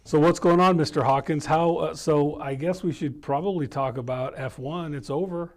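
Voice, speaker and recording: A man's voice: a little high, normal speed. A man hosting a casual podcast in a small office studio, upbeat and chatty with frequent fillers. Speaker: host.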